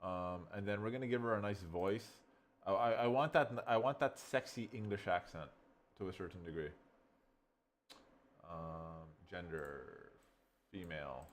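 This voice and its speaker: Man, fairly low voice, casual software review, rambling, excitable, swears a lot. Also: a little slow, slight background noise. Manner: rambling, excitable, swears, calls the viewer bro. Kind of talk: casual screen-recording review.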